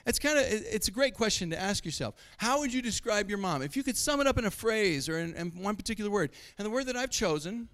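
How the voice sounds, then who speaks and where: A man's voice: high-pitched, fairly bright tone. A middle-aged man from Montana preaching a sermon, telling stories and chuckling often. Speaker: pastor.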